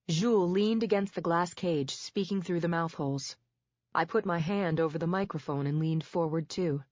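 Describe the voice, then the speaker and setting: A woman reading a thriller in first person, measured and tense, recorded dull and dry. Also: lowish voice, darkish tone, dry recording. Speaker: audiobook narrator. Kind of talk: first-person scripted narration.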